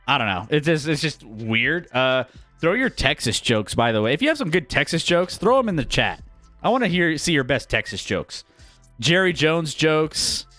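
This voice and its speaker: A man hosting a live sports betting stream, talking in a relaxed, rambling way with loose filler words. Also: on the high side, moderate pace, dry recording, soft background music. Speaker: sports betting show host.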